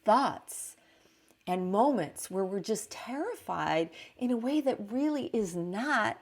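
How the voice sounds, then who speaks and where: Gentle encouraging woman life coach. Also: fairly high pitch, animated, slow. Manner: gentle, encouraging, acts out inner voices. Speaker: life coach and podcast host. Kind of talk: motivational self-help talk.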